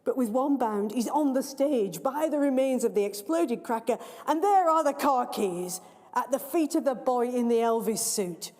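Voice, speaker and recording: A woman whose voice is a little high reads her own story at a live event, her storytelling expressive and measured. The long reverb of the large library hall is audible throughout.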